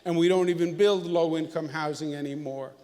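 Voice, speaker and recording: A man's voice: a little high, steady tone, a little fast. A man giving a speech at a ceremony, joking and emphatic. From New York. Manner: joking, then emphatic and forceful. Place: large banquet hall. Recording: echoey hall.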